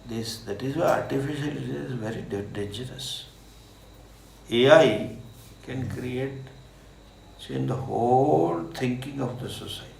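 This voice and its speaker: A man with an Indian accent, a swami answering questions in a slow, animated talk with laughing asides. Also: medium pitch, gravelly, a little hiss or hum. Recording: echoey room with faint ambience.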